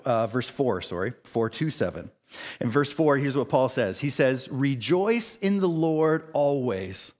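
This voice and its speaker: A man preaching a sermon from a church pulpit, his voice at an ordinary middle pitch. He presses his points by repeating phrases and lifting his voice, then drops into relaxed slang and quick asides. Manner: preaching with emphatic repetition and rising pitch for emphasis; casual asides with slang and brief laughs. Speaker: pastor.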